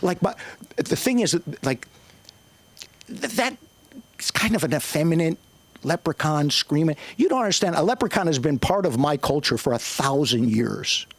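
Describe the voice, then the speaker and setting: Older male comic, gravelly voice, swings his pitch wildly, rambling and profane. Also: sing-song, normal speed, no room sound. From Northern Ireland. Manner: profane, rambling, shouting bursts. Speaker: stand-up comedian. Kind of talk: open mic stand-up.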